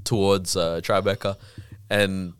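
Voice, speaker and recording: A young Australian man telling stories in casual podcast chat, loose and relaxed, with many "like" fillers. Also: low voice, measured pace, smooth, no room sound, studio quality. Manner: relaxed storyteller, full of "like" fillers. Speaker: podcast co-host.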